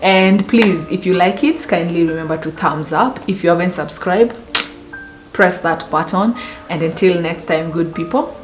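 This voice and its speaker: A woman with a fairly low-pitched voice talks straight to the camera, giving motivational life advice. She is emphatic and repeats her phrases, with playful asides. Her voice sounds echoey in the room, with music playing clearly behind her. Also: moderate pace. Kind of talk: casual motivational talk to camera.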